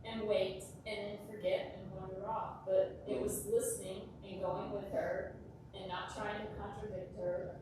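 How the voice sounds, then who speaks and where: A woman's voice: mid-range voice, level tone, a little slow. A woman on a panel, earnestly telling a personal anecdote. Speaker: panel guest. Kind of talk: storytelling in a panel talk. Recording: very echoey room, distant mic, background noise.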